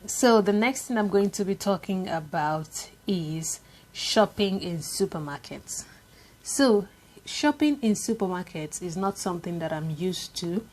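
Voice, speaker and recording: A woman's voice: on the low side, animated, unhurried, darkish tone. Chatty Nigerian woman vlogging. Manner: chatty, repetitive, lots of "like" and "um" fillers. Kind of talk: casual talking-to-camera vlog.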